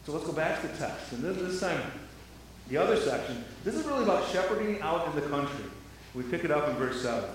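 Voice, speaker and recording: A man gives a sermon in a church, his voice ringing through a very reverberant room with the mic some distance away. He keeps stopping to repeat words and asks the congregation rhetorical questions. His voice sits a little high for a man, with a faint hum of room noise behind him. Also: very animated, fast. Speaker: pastor. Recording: very echoey hall, mic at a distance.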